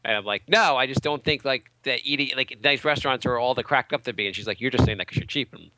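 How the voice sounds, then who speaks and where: A man's voice: mid-range voice, fast, pushed and bright, no echo. A man co-hosting a casual podcast, rambling through stories and restarting his sentences. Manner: rambling, many fillers and restarts. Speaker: podcast co-host.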